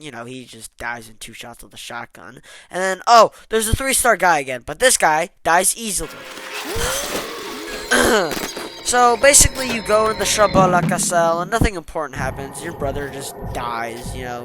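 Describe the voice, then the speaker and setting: A man recapping a war game's story as a joke, animated and sarcastic. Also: on the high side, no room sound. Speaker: gaming YouTuber. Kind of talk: comedic game story recap.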